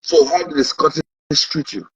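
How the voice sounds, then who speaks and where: A man interviewing a guest, eagerly jumping in with quick questions. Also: on the high side, slightly rough, no room sound. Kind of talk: casual interview. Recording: dry, dull lo-fi recording.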